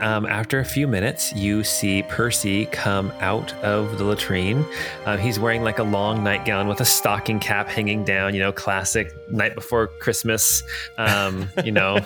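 A man guides players through a tabletop adventure in a lowish voice. He rambles, laughs at his own asides, and soft music plays faintly behind him. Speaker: dungeon master. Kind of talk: narrating a tabletop game.

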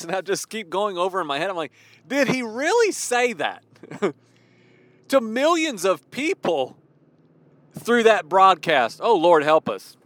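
A man in his forties with a slight Midwestern accent talks from his car in a relaxed devotional vlog. His voice sits a little higher than most men's. He is chatty and expressive, often restarting his sentences and chuckling as he goes. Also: dry recording. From Illinois. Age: 40s. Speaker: Christian vlogger. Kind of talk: casual devotional talk while driving.

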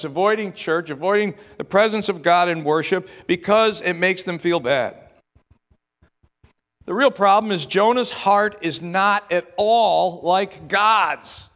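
A man's voice: high-pitched, fairly bright tone, in a large hall. A male preacher delivering a sermon in a conversational way, repeating words and asking rhetorical questions.

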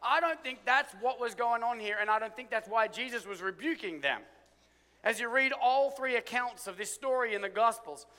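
A man with a high, bright, ringing voice preaches a sermon. He swings between forceful, emphatic lines and quiet, hushed ones. His voice carries a long reverb, as in a large hall. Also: animated, normal speed. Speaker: pastor.

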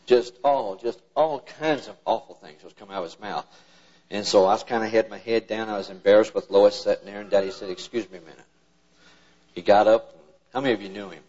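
A man's voice: on the low side, brisk, darkish tone. An older man, preaching in a folksy, plain-spoken storytelling style and acting out his father's words. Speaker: preacher telling stories about his father. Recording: dull lo-fi church recording.

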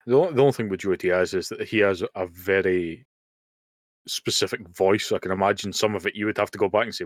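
A man's voice: deep voice, a little fast, no room sound. A man in his thirties from the UK, co-hosting a podcast over a remote call, talking bluntly with dry humour and swearing. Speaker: podcast co-host. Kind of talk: casual chat. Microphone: remote call mic.

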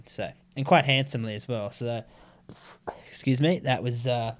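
A man's voice: medium pitch, normal speed. A young Australian man, a stand-up comedian, telling crude stories in a loose, laid-back way. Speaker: stand-up comedian, podcast guest. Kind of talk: casual chat.

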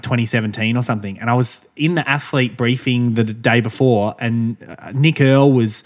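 A young man from Australia co-hosting a podcast in casual chat, rambling with frequent restarts and laughs. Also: medium pitch. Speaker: podcast co-host.

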